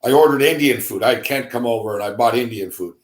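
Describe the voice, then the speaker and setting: A man's voice: medium pitch, fast talker. A man hosting a sports talk show, telling a story in a casual, profane, exasperated rant and laughing often. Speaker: sports talk radio host.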